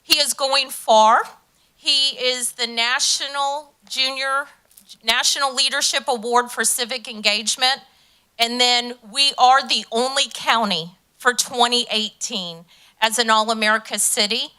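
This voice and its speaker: Bright-voiced, enthusiastic woman at a council meeting. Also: fairly high pitch, unhurried, smooth. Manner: enthusiastic, many filler ums, gets emotional. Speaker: community delegation leader. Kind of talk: speech at a public council meeting. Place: county council chamber.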